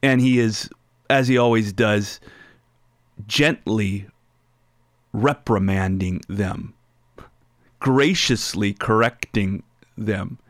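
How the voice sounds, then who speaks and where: A man's voice: lowish voice, slow pace, long pauses, no room sound, studio quality. A man preaching a sermon, reading scripture aloud and explaining it line by line. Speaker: pastor.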